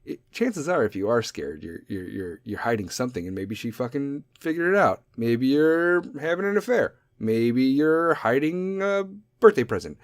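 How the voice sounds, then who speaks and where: A man's voice: mid-range voice, very animated, normal speed, no room sound, studio quality. A man hosting a podcast, ranting jokingly in a profane, rambling way about random thoughts. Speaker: podcast host. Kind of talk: solo comedic podcast rant.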